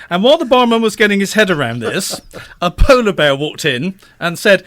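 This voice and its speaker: A man's voice: sits high, very animated, moderate pace, a bit bright. An older man doing a stand-up routine, self-deprecating and laughing at his own jokes. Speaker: stand-up comedian. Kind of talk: stand-up joke telling.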